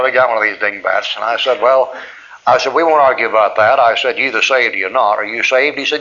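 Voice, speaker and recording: A man's voice: mid-range voice, fast, pushed and bright. Folksy preacher man, lo-fi old tape. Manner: folksy storytelling, acts out both sides of conversations. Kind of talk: sermon with personal testimony.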